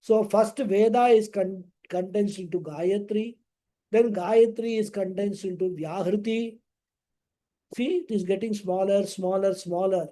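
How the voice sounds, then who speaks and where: A male scripture teacher with a fairly high, very mellow voice. He explains in a slow, measured way, pausing between phrases and chanting Sanskrit verses now and then. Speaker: spiritual teacher. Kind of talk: scripture lecture.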